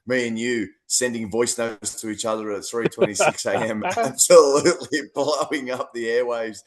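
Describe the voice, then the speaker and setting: An Australian man co-hosting a podcast, chatting in a lively, rambling way and often repeating words. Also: on the low side. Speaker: co-host. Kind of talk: casual podcast chat.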